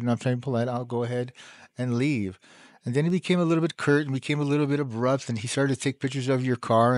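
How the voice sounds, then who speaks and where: A man's voice: mid-range voice, no echo. Rambling middle-aged man, dry sound. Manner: rambling, animated storytelling with laughs. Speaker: host. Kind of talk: casual monologue.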